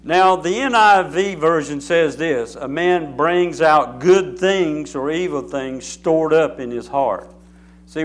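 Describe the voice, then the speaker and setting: Male preacher, emphatic, repetitive phrasing, somewhat high voice. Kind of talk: sermon.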